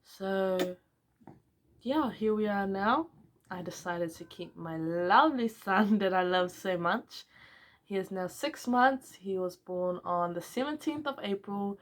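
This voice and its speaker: A woman's voice: medium pitch, unhurried. Young mother recounting her story. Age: young adult. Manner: candid, acts out both sides of phone calls. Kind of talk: personal storytelling vlog.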